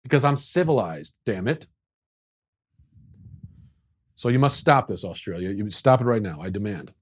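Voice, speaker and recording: A man hosting a talk show, reading listener emails and answering with mock-outraged, sarcastic rants that swing between deadpan and raised voice. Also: on the low side, moderate pace, breathy edge. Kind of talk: mock-outraged comedic rant.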